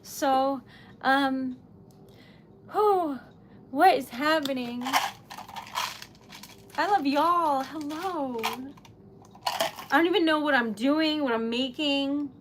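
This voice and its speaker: A woman's voice: sits high, takes it slowly, pauses often, background noise. A young woman chatting on a livestream while crafting, flustered, teary and rambling with giggles. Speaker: livestream host.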